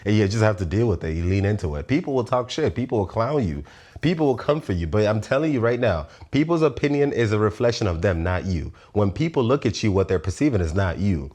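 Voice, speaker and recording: A man in his thirties with a low, deep voice hosts his own show with a loose philosophical monologue. He is animated and laughs often between points. He swears freely and bluntly. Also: fast. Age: 30s. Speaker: show host.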